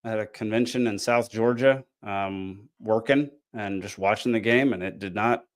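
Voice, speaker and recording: A man's voice: fairly low pitch, normal speed. A tired man, hosting a casual podcast and recapping a frustrating match with lots of ums and restarts. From American South. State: tired, yawning. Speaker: podcast host.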